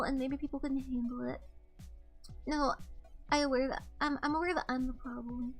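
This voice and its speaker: A young woman streamer chatting casually on a livestream, talking quietly in a flat monotone. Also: high voice, moderate pace, long pauses, faint music behind. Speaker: VTuber streamer. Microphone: desk streaming mic.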